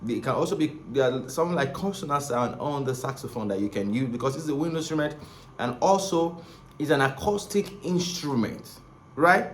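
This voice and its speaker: A male saxophone teacher talks his students through the basics in a loose, rambling way, circling back over his points and tagging sentences with "right?" and "okay?". His voice sits at an ordinary middle pitch. The recording carries a noticeable room echo with a faint hum of ambient noise behind it. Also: animated, moderate pace. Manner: rambling, repeats himself, frequent "right?" and "okay?". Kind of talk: casual spoken lesson.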